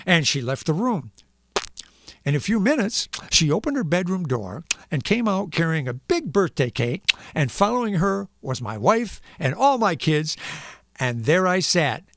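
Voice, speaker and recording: A man's voice: on the high side, sing-song, a little slow, vocal fry, fairly bright tone. A man hosting a live stream who gives a playful comedic reading and makes sound effects for punctuation marks.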